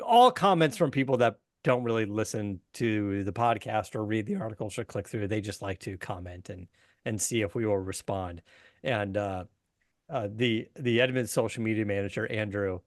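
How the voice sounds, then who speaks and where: A man's voice: fairly low pitch, no room sound, clean studio sound. A man hosting a car podcast in casual chat, amused and loose, laughing often as he rambles.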